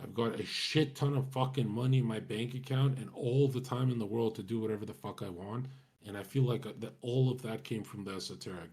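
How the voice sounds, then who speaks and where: Young male streamer, raspy, brash and profane, rambling casual chat. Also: fairly low pitch, darkish tone. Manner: swaggering, profane, slangy.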